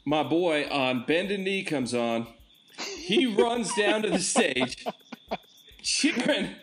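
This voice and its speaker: Speaking slowly in a voice on the high side, this podcast co-host spins stories with animation and frequent laughter during casual chat. A roomy echo and faint background noise color the recording.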